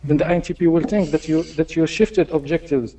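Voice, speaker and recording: A man's voice: fairly high pitch, fairly even intonation, a little fast, warm tone, recorded from a distance, rough recording. A male caller in a casual debate, hesitant and stumbling as he repeats his point.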